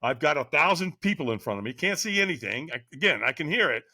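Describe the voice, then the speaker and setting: A man with a bright, forceful voice and a fairly high pitch tells his own story as a podcast guest. His pitch jumps all over as he talks, and he keeps pulling the listener in with a quick "right?". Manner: lively, keeps asking "right?". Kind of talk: animated personal storytelling.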